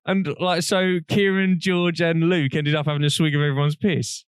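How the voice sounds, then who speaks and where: A young man, co-hosting a podcast and telling rambling, animated stories while laughing often. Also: on the high side, moderate pace, clean tone, no echo, clean studio sound. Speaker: podcast co-host. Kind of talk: casual storytelling chat.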